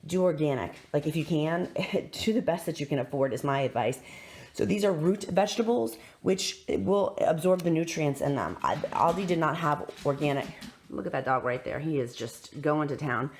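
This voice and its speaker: A woman's voice: low-pitched, lively intonation, moderate pace, slightly rough. Chatty woman vlogging a shopping haul. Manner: chatty, upbeat, talks to viewers as y'all. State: a little sick. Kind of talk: casual shopping haul vlog.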